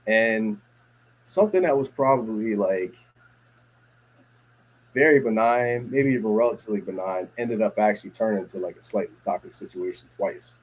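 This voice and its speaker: A man with a low, husky voice hosts a laid-back podcast conversation. He tells stories in a loose, rambling way, circling back with fillers and restarted phrases. The delivery is relaxed and conversational. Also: normal speed, poor audio. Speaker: podcast host. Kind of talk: casual chat.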